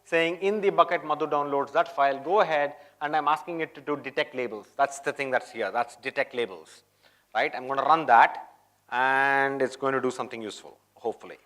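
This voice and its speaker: A man's voice: medium pitch, a little fast, fairly bright tone. A man presenting a live coding demo at a tech conference, chatty and always checking in with the audience. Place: conference hall.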